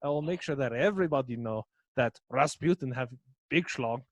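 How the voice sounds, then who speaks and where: A man voicing a boastful, filthy Russian mad-monk cult leader in a loud mock-Russian accent drifting toward mock French, with pompous broken grammar. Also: mid-range voice, normal speed, dull audio, a little hiss or hum, lightly acted.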